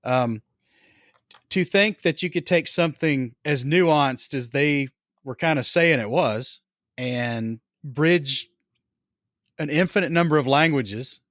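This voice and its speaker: A man's voice: mid-range voice, a bit bright, no room sound. A man hosting a casual hobby podcast, talking in a laid-back way with dry humor. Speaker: podcast host.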